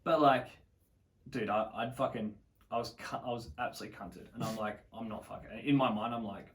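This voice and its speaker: Heard on a distant mic, a young Australian man with a lowish voice talks briskly as a podcast guest, spinning a long story in a casual way. He swears freely and acts out what people said.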